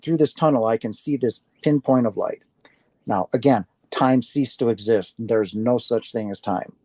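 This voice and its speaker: Man, personal testimony talk, earnest storytelling, acts out own reactions, mellow warm tone, dry close sound. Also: medium pitch, moderate pace, no room sound. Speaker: speaker sharing a near-death experience.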